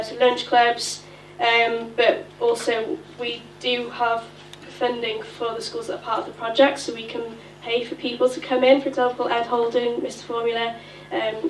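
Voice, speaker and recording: A young woman with a Welsh accent giving a chatty conference presentation, with a lively storytelling manner. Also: fairly high pitch, moderate pace, slight background noise. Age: young adult. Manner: chatty, lively anecdote-telling. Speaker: conference speaker. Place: conference hall. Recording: echoey hall from far off.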